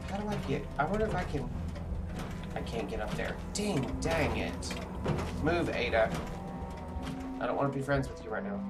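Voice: medium pitch, animated, moderate pace, long pauses, very noisy. A very tired game streamer chatting and rambling to viewers while playing live. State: very tired, sleepy. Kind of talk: live gameplay commentary. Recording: music playing behind.

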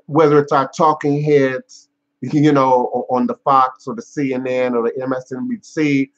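A man hosting a live stream as a spiritual teacher, talking in a measured, emphatic way with repeated phrases and some fillers, in dull lo-fi audio. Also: mid-range voice, level tone. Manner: frequent fillers and restarts. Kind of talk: unscripted live-stream talk.

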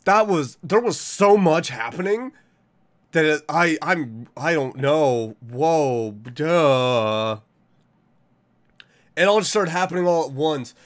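A man giving let's play commentary, thinking aloud and bursting into high-pitched, confused panic. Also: lively intonation, slow. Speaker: game streamer.

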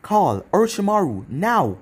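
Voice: medium pitch, big pitch swings, unhurried, slightly rough, voice pushed up. A narrator voicing a hot-tempered woman who leads a ninja village. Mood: irritable. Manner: irritable, shouting.

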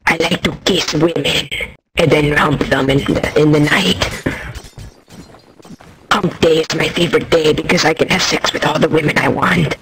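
A man's voice: on the high side, fairly even intonation, normal speed, gravelly, a bit bright, slight background noise. A man voicing a sleazy, crude grown man called Pablo with a put-on accent, over game chat with music playing. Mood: boastful.

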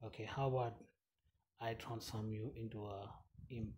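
A man's voice: lowish voice, steady tone, moderate pace, long pauses, a little mellow. A man giving casual, rambling commentary while playing a mobile game, chatty and giggly, with many fillers. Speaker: gaming channel host.

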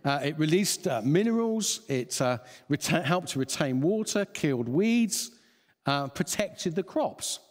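A man's voice: a little high, lively intonation, unhurried. A man preaching a sermon, chuckling often and restarting phrases as he thinks aloud. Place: church hall. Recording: long church reverb.

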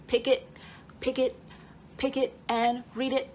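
A woman hosting a casual book vlog at home, playful and animated, often laughing and dropping into stage whispers. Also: high voice, takes it slowly, long pauses, over music. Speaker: book vlogger. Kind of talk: excited casual vlog announcement. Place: home, with dogs nearby.

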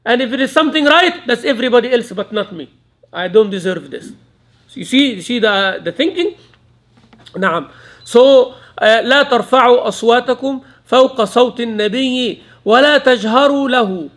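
A fast-talking Islamic lecturer with a high, animated voice gives a Quran commentary lecture in a restaurant meeting room. An Arabic speaker by first language, he sprinkles Arabic words into his English and laughs often.

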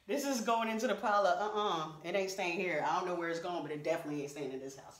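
A woman chatting to her viewers as she tries on clothes, her voice jumping up in excited exclamations and then settling back to easy talk. She sounds middle-pitched, and the sound is roomy with a clear echo from the room around her. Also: fairly quick, hardly any pauses, recorded from a distance. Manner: animated, exclaiming, talking to viewers. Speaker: vlogger. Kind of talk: chatty try-on haul vlog. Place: home room.

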